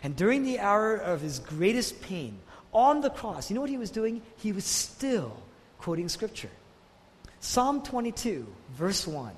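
Animated preacher man in an echoing hall. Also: sits high, measured pace. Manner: emphatic, rhetorical questions, swings from loud to hushed. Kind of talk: sermon.

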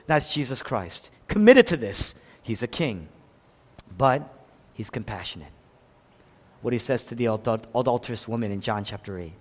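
A man preaching a sermon, swinging from loud cries down to hushed, near-whispered lines. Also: mid-range voice. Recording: long hall reverb.

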